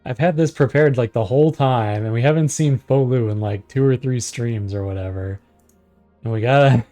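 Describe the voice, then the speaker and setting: A man's voice: mid-range voice, moderate pace, dark tone, soft background music. A man casually chatting and joking while streaming a game. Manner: offhand, joking, swears. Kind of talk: casual gaming stream chat.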